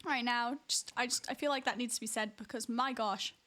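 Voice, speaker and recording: High-voiced excitable woman streamer. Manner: enthusiastic, quick, exclamatory. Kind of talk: livestream chat.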